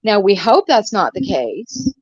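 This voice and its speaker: A woman's voice: mid-range voice, sing-song, unhurried, darkish tone, slightly rough, dry recording, dull audio. A woman in her sixties co-hosting a live stream, ranting bluntly with profanity and sarcasm. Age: 60s. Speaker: co-host of a live commentary stream. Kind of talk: casual live-stream chat.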